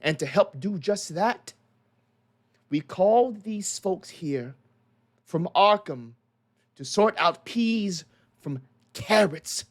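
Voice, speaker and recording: A man's voice: high-pitched, animated, slow pace, long pauses, pitched above the performer's own voice, heavily acted. A man doing a stern small-town constable. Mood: firm. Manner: stern, commanding. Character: gruff middle-aged male small-town constable.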